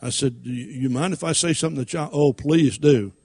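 A man's voice: medium pitch, very fast, vocal fry, slightly rough. A man preaching a sermon, reading King James scripture and using folksy everyday stories.

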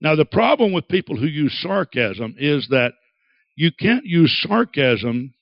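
A man preaching a sermon, dramatic and acting out quoted voices with big swings in pitch. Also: sing-song, a little slow, gravelly, no echo, dull audio. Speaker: pastor.

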